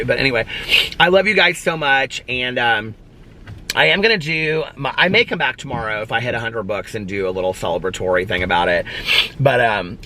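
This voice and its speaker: A man chatting casually to camera as a book vlogger, excitable and emotional, rambling with lots of fillers. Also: lowish voice, slight background noise. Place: at home.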